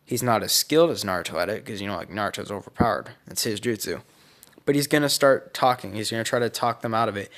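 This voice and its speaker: A man's voice: fairly low pitch, fast talker, fairly bright tone. A young man casually narrating a fan-made story, speculative and rambling, often correcting himself.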